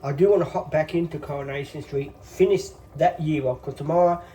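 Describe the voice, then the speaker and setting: A man's voice: a little high, steady tone, a little fast, mellow, slight background noise. Rambling man in his fifties, distant phone mic. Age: 50s. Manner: rambling, filler-heavy, reassuring. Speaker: channel host. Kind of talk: casual phone vlog monologue.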